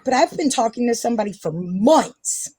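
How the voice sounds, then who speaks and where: A woman's voice: fairly high pitch, expressive, moderate pace, mellow, husky. A woman hosting a casual live stream, ranting defensively and sarcastically, swearing often. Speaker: livestream host.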